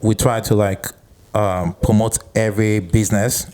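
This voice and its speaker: A man's voice: lowish voice, little pitch movement, moderate pace, darkish tone, clean tone. A man hosting a casual chat, asking loose, filler-heavy questions. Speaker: podcast host. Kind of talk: casual conversation.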